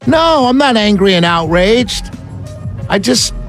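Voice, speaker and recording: A man hosting a talk radio show, delivering an animated, exasperated monologue with rhetorical questions. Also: sits high, slow pace, faint music behind. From New York City.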